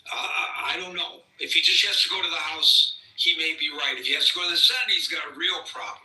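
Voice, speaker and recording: A man's voice: on the high side, brisk, pushed and bright. A man hosting a live political commentary podcast, rambling and sarcastic as he mocks what he hears. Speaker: podcast host. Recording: roomy sound, distant from the mic.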